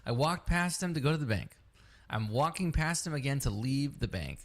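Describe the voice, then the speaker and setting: A man on a podcast telling a story about his day in a loose, chatty way. He curses a lot and slips into quick impressions of the people he met. His voice sits at an ordinary middle pitch. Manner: animated, profane, acts out both sides of the story. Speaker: podcast co-host. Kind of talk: casual storytelling chat.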